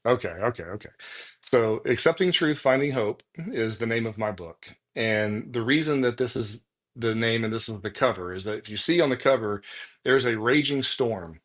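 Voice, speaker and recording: Brief: male guest with mid-pitched voice, sermon-style testimony, calls listeners folks. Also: moderate pace, a bit bright. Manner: preacher-like storytelling, addresses listeners as folks. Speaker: podcast guest, life coach and author. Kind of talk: faith testimony in a podcast conversation.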